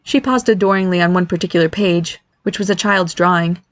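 A woman narrating a story as an audiobook reader, expressive and voicing the characters as she goes. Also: fairly low pitch, a little fast. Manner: expressive, does character voices.

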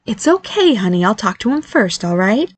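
A woman voicing a gentle reassuring mom. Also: mid-range voice, sing-song, moderate pace, breathy edge, no room sound, voice pushed up. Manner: soothing, gently persuasive. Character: warm reassuring mother, middle-aged woman.

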